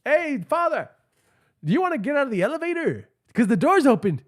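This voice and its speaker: A man voicing his own flirty, coaxing call to a stranger in a high, put-on voice. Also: big pitch swings, fairly quick. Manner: coaxing, squealing, profane.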